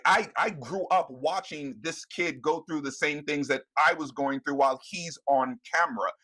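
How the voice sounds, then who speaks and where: A middle-aged man speaking as a guest on a live news panel, earnest and emotional, pausing and restarting as he searches for words. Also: mid-range voice, pushed and bright, slightly rough. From United States.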